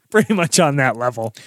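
A man's voice: medium pitch, fairly bright tone, no echo. A man co-hosting a podcast, casually recapping a TV episode with dry sarcasm and mock-quoted lines. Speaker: podcast co-host.

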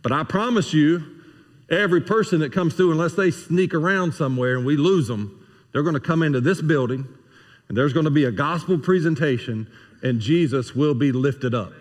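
Dynamic preaching man in a reverberant hall. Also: normal speed. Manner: dynamic preacher, swings between soft asides and loud high-pitched emphasis. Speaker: senior pastor. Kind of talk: sermon. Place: church sanctuary.

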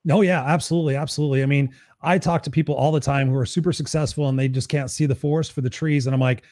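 A man's voice: a little high, steady tone, fast, a little mellow, no room sound, studio quality. A man hosting an interview, telling motivational stories with energy. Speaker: podcast host. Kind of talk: casual interview conversation.

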